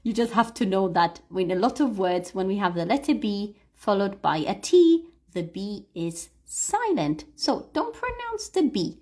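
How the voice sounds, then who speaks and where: A woman's voice: medium pitch, very animated, unhurried, few pauses, warm tone. A woman teaching English pronunciation on a livestream, patiently explaining and modelling words for learners to repeat. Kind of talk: livestream read-aloud lesson.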